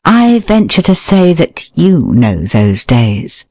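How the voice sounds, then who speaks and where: In a mid-range voice, a narrator reads a nonfiction audiobook with measured expressiveness, briefly giving voice to short quoted remarks.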